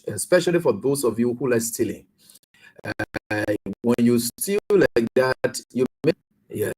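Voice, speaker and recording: A man's voice: medium pitch, a little mellow, breathy edge, low-quality recording. A man with a Liberian English accent hosting a radio talk show, chatting casually, greeting listeners by name and giving moral advice.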